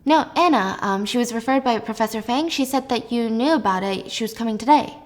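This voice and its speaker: A woman's voice: on the high side, fairly quick, natural voice. A woman voicing a young female secretary who stammers apologetically. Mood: flustered.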